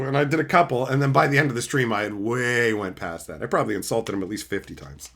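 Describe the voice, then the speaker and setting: A man's voice: fairly high pitch, fast talker, breathy edge. A man live-streaming as he opens card packs, chatting casually and hurling profane, mock insults with frequent laughs. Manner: excitable, laughs often.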